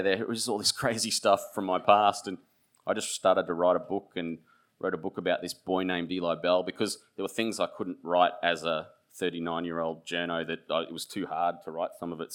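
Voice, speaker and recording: A deep-voiced Australian man in his late thirties talks about his life as an author and reads his own pages aloud. His delivery is halting and full of restarts, but earnest, with a low pitch. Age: 30s. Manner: halting storyteller, many restarts and fillers. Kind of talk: author talk with a reading aloud.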